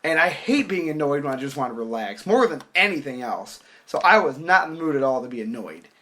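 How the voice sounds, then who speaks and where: Young man, bright edgy voice, animated storyteller who acts out quotes and swears casually. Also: on the high side, brisk.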